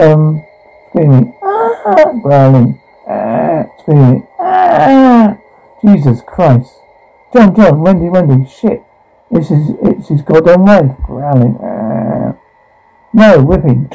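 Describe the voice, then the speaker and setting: A man performing a one-man audio drama, reading every part and the sound cues aloud, shouting and pleading in turns. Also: a little high, gravelly, highs cut off.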